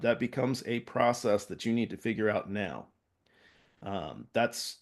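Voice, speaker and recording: Man teaching safety with constant check-ins. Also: mid-range voice. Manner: conversational, peppers points with "all right?" check-ins. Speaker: safety consultant. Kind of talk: workplace safety training talk.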